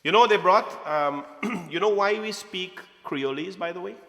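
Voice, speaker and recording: A man from Guyana with a Guyanese accent, giving an animated satsang talk to a congregation and calling them "my friends". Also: high voice, a little slow, big-room sound. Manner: animated, addresses audience as "my friends", asks questions. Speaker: religious speaker.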